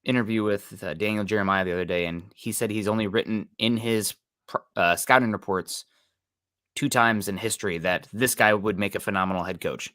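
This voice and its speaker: A man's voice: lowish voice, steady tone, fairly quick, pushed and bright, no echo, clean studio sound. A man co-hosting a live sports podcast, greeting viewers and reading their comments in an easygoing way. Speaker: podcast co-host. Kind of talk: casual live-stream sports chat.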